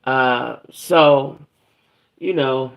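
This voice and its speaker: A woman's voice: extremely low pitch, very slow, vocal fry. A middle-aged woman hosting a casual livestream. She vents about her day in a profane, aggravated way and greets chat viewers by name as she goes. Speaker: livestream host.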